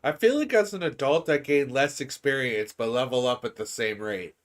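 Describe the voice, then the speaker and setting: Man, casual gaming co-host, giggly and excitable, stumbles over his words. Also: mid-range voice, normal speed. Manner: laughs often, stammers and restarts, gets loud when excited. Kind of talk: casual chat.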